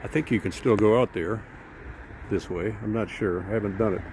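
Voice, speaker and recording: A man's voice: fairly low pitch, moderate pace, a little mellow. Folksy man rambling outdoors. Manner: rambling, folksy, with frequent fillers. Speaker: widower vlogger. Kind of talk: casual storytelling to camera. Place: outdoors at a boat launch by a creek. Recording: outdoor noise with traffic behind.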